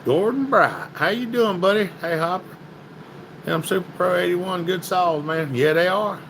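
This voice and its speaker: A man's voice: high voice, lively intonation, moderate pace, a bit bright, a little hiss or hum, poor audio. Folksy man chatting on a livestream. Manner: folksy, chatty, greets viewers by name. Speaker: livestream host. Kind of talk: casual livestream chat reading comments.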